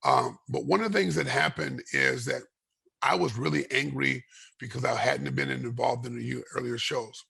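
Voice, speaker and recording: A man guest in an interview, telling a long story with animated energy, voicing other people in it, often repeating and restarting his words. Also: mid-range voice, normal speed. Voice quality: gravelly, raspy. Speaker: guest, retired fighter.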